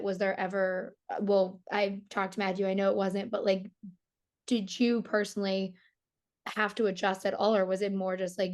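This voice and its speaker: A woman interviewing an actor in a fast, chatty way, full of "like" and quick asides. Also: medium pitch. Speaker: entertainment interviewer. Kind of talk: casual interview chat.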